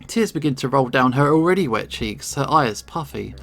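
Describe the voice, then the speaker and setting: A man's voice: medium pitch, expressive, normal speed, creaky, faint music behind. A man reading a visual novel aloud in first person, with dramatic expression. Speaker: game reader.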